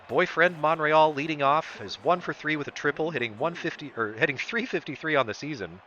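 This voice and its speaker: A man commentates a baseball video game in broadcaster style, his voice leaping up when a big play lands. His tone is bright and pushed forward. The stream audio sounds a bit dull, with a faint hiss underneath. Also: a little high, fairly quick, few pauses. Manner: excitable, voice jumps up on big plays.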